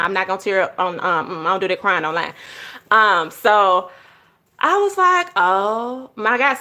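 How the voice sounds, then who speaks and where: Young adult woman, bright clear voice, casual vlog chat, animated storytelling, acts out quotes. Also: medium pitch. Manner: animated storytelling, acting out quotes, addresses viewers as y'all. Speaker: journaling vlogger.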